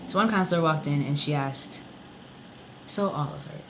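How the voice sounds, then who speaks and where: With background noise behind him, a higher-voiced man speaks at a moderate pace in a casual vlog. The songwriter is clearly furious, cursing repeatedly and scattering fillers such as "like" and "you know" through his rant.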